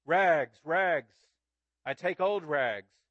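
A man voicing a tall, strong young ragman who calls out through the streets and speaks gently. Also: medium pitch, normal speed, dry recording, dull audio, close to an everyday voice. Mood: calling out. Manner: loud ringing street calls.

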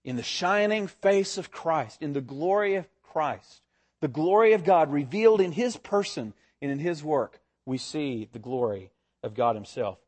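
A male pastor delivering a sermon, with a voice pitched a little high for a man. He is expressive, speeding up and slowing down and lifting his pitch to stress key ideas. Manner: expressive, varies pitch and pace for emphasis.

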